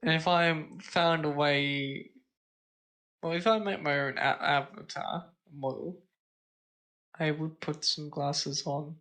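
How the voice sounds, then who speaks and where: A man hosting a casual streamed talk show, chatting in a slow, plain-spoken way. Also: fairly high pitch, fairly even intonation, fairly bright tone, poor audio. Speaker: streamer and host.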